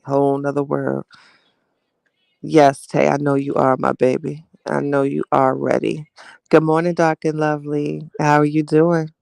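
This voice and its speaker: A chatty man hosting a live stream, his voice gravelly and a touch high, speaking in a fairly flat tone. He greets viewers by name and calls them child and baby. The sound is dry and close to the mic. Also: unhurried, no room sound. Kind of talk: casual live stream chat reading viewer comments.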